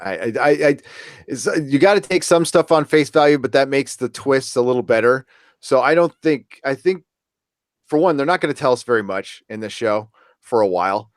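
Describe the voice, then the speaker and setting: A man with a mid-range voice, musing in relaxed podcast talk. He often hesitates and restarts his sentences between chuckles. The sound is dry and close-miked. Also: medium pitch, normal speed, dry recording. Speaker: podcast co-host. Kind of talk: casual chat reviewing a TV episode.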